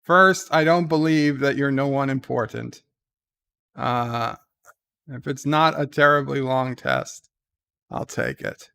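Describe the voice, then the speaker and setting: A man hosting his show in casual chat, reading quiz questions aloud and answering with dry, deadpan humor. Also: slow pace, gravelly, smooth, no echo. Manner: reads questions brightly, answers low and mumbled. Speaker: show host. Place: at home.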